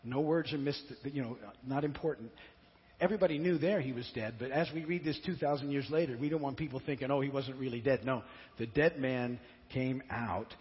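A man's voice: medium pitch, brisk. Man preaching in a reverberant church. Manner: conversational retelling, frequent stammered repeats. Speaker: pastor. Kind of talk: sermon. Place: church sanctuary. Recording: dull lo-fi church recording with long reverb.

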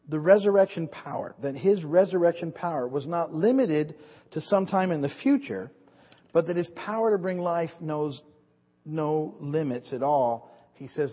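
A man delivers a rambling sermon in a slightly husky voice, pitched a little high for a man, often stumbling over and repeating his words. His voice rings out in a big reverberant hall. The recording is dull and lo-fi. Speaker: pastor.

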